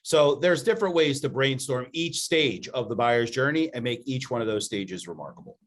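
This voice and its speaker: A man co-hosting a business podcast with an upbeat, enthusiastic delivery. His voice sits at an ordinary middle pitch for a man. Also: normal speed, a bit bright. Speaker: podcast co-host.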